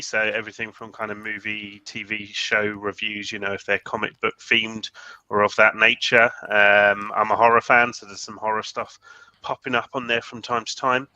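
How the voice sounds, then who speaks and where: Deadpan guy on a livestream, really bright tense voice, dry close sound. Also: lowish voice, no echo, lo-fi sound. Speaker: co-host, YouTuber. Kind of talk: casual live-stream chat.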